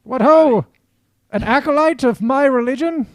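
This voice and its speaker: Man playing a high, grandiose self-proclaimed halfling god in a tabletop game, dry close mic. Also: measured pace, no echo. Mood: haughty. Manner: grandiose, archaic, haughty.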